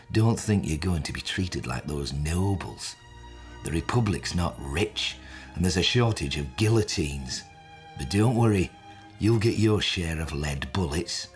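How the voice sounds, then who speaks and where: Guy playing a cocky young soldier, jeering and sharp-tongued, soft music behind. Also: extremely low pitch. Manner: taunting, sneering. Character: mocking young male Parisian soldier, cutting tongue.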